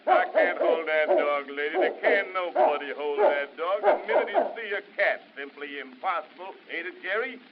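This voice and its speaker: A man playing a rough, cocky man with a bulldog in an early novelty record sketch, talking in a gruff slangy drawl. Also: a little high, very animated, moderate pace, few pauses, a loud crowd. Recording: dull early gramophone record with band.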